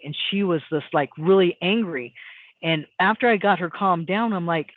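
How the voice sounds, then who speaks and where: A woman who works as a hypnotist, telling a story on a call in a rambling, animated way with lots of fillers. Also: lowish voice, normal speed, dry recording. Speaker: guest, hypnotist. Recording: tinny phone line, dry.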